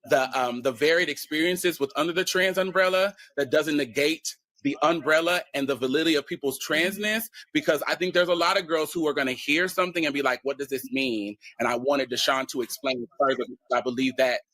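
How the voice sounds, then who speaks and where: A man's voice: fairly high pitch, a little fast, hardly any pauses, pushed and bright, no room sound. A man giving earnest, hesitant remarks as a panelist.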